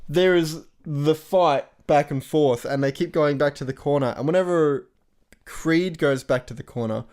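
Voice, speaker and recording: A man's voice: a little high, moderate pace, a little mellow. A man co-hosting a casual film review podcast, telling stories animatedly and mimicking characters. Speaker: podcast co-host.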